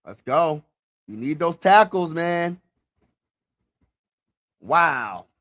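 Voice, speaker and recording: Excitable man on a live reaction stream. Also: a little high, drawn-out words. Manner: excitable, talks to viewers directly, repeats himself. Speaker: streamer hosting a draft watch party.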